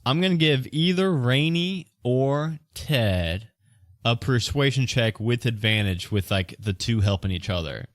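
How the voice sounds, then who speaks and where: Lively-voiced male dungeon master. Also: mid-range voice, measured pace, no echo, clean studio sound. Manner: hesitant, lots of fillers. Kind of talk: narrating a tabletop game.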